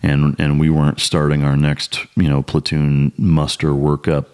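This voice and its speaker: Very deep-voiced podcast host. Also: male voice. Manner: relaxed, profane, quick backchannel yeahs. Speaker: podcast host, former SEAL. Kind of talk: casual interview chat.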